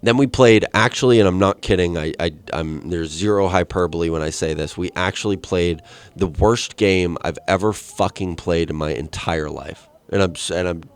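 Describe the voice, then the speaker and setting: A young man hosting a casual solo podcast, telling a rambling, profane story and jumping into high, excited quoted voices. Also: moderate pace, clear, resonant tone. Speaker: podcast host.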